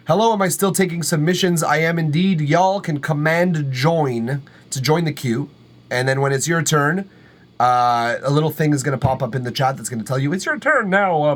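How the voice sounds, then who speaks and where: A man from Canada hosting a live stream, his voice sitting at an ordinary middle pitch. He rambles loosely from one thought to the next, peppering his talk with swears and fillers. He sounds amused by his own asides. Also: a little hiss or hum. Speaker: livestream music review host. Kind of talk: casual livestream chat.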